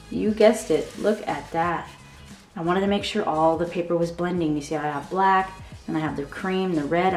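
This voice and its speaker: A woman hosting a craft tutorial, walking through her handmade album with excited, gushing talk and a frequent "okay?". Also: fairly low pitch. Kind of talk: enthusiastic product walkthrough. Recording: echoey room with soft background music.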